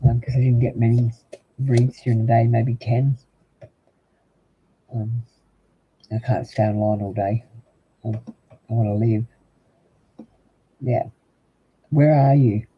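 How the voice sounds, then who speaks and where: An older man with an Australian accent, chatting casually and rambling with livestream viewers, full of ums, as a tarot reader. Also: mid-range voice. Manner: rambling, chatty, frequent ums, talks straight to chat. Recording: tinny phone-like husky audio.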